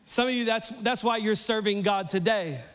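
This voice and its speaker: A man preaching a sermon in a church, playful and animated, his voice climbing almost to a shout as he acts out lines. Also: high-pitched, normal speed, smooth, in a large hall. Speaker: pastor.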